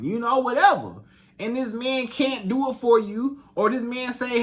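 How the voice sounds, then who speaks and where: High-voiced man giving blunt advice. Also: moderate pace. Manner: repetitive, emphatic preaching with quoted back-and-forth. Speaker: dating coach. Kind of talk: direct-to-camera relationship advice.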